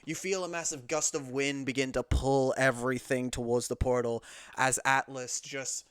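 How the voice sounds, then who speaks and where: A man's voice: mid-range voice, flat delivery, normal speed, fairly bright tone, clean tone. A young man narrating a tabletop game as game master, casual with fillers.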